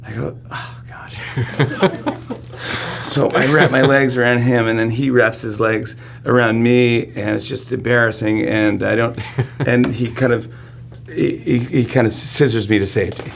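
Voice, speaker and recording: In a studio interview, a talk show host in his forties, here as the guest, tells an excitable story, laughing often and acting out the quotes. His gravelly voice is medium-pitched at a normal speed, with slight background noise.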